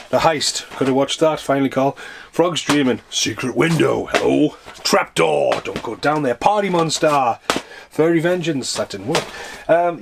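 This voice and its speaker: A man's voice: on the high side, gravelly, background noise. A man ranting casually and animatedly in a vlog, exasperated and swearing freely. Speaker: vlogger.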